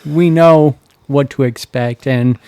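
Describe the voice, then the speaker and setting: A man's voice: medium pitch, takes it slowly, a little mellow, smooth, dry recording. A man co-hosting a casual wrestling podcast, easygoing and enthusiastic, often restarting his sentences. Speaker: podcast co-host.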